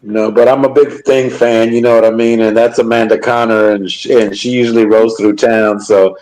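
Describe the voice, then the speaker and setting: A man chatting casually about comic covers, laid-back with relaxed slang. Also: mid-range voice, moderate pace, poor audio. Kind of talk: casual chat on a livestream.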